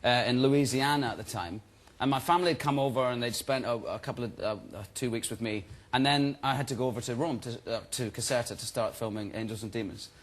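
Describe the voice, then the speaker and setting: A man in his thirties, guest on a chat show, telling stories in a relaxed, chatty way and laughing as he goes. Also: mid-range voice, fast, hardly any pauses. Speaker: guest actor. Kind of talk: casual chat-show interview.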